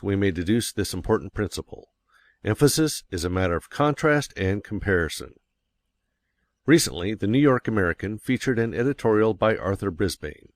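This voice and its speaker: A man reading nonfiction aloud as an audiobook narrator, in a measured, deliberate manner. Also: lowish voice, lively intonation, dry recording.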